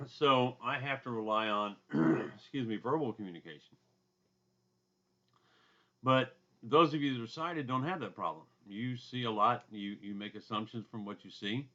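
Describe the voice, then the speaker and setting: A man with a loud booming voice and a drawl, giving a casual recorded lecture from his home basement, with asides and throat clearing. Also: a little slow, muffled recording. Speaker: instructor.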